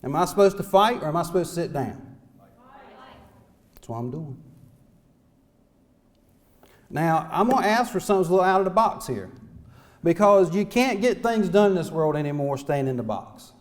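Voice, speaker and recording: This middle-aged mayor of a small North Carolina town speaks at a conference with fairly high pitch and lively intonation, at normal speed with long pauses. His speech in the hall is passionate and folksy, full of rhetorical questions.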